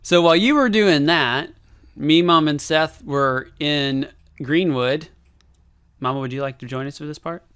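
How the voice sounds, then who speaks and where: A man's voice: fairly high pitch, measured pace, a bit bright, clean tone. A young man co-hosting a podcast in casual chat, playful and teasing. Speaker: podcast co-host.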